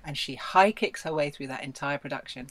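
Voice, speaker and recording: A woman film director answering interview questions in an effusive, animated way with frequent laughter. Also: low voice, brisk, a crowd in the background.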